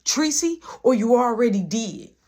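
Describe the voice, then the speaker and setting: A man voicing his older girlfriend as she accuses him in a sharp, confrontational way. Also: very high-pitched, big pitch swings, a little slow, heavily acted. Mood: accusing.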